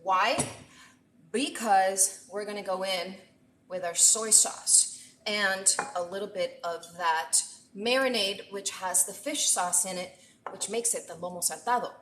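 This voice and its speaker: A woman's voice: medium pitch, measured pace, a bit bright, slight background noise. A middle-aged woman chef talking through a live-streamed cooking session, chatty and talkative. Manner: talkative, chatty, thanks viewers often. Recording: echoey room.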